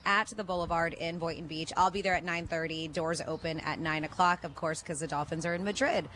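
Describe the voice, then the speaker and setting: A woman's voice: low-pitched, steady tone, fairly quick, fairly bright tone, slight background noise. A woman co-hosting a radio show, reading listener texts aloud and bantering in a playful, teasing, easygoing way into a studio microphone. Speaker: radio co-host.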